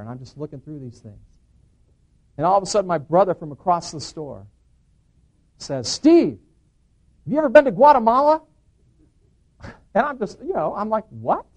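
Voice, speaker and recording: A middle-aged man telling a personal testimony to an audience as an earnest storyteller who acts out the dialogue he quotes. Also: fairly high pitch. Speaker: preacher giving a personal testimony.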